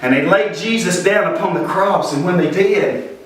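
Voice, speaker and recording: A man's voice: high voice, normal speed, fairly bright tone. Man telling a Bible story. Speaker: church children's ministry presenter. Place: church room. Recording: echoey room, voice from far off.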